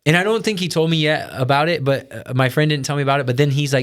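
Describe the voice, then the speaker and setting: A man's voice: a little high, fast, smooth. A man co-hosting a casual chat, earnestly retelling a family story and quoting his own thoughts. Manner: earnest, retelling with quoted self-talk. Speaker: podcast co-host.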